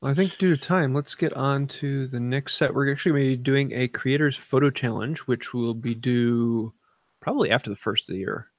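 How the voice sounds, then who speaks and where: A man hosting a casual podcast, steering the conversation with halting, filler-laden speech. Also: mid-range voice, dry recording. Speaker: podcast host.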